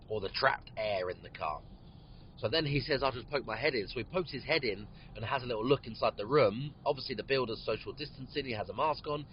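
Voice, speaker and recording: A man hosting a podcast from his car, telling a story in a rambling way with many ums and frequent yawns. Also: fairly low pitch. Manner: rambling, many ums, yawning between phrases. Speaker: podcast host. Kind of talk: casual storytelling monologue. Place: inside a parked or moving car. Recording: dull lo-fi car recording, faint road noise.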